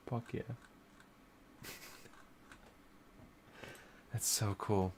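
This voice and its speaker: Slow-talking, emotional man reacting with curses. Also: deep voice. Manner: swears often and sighs between remarks; emotional and easily moved. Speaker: reaction video host. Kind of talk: casual reaction commentary.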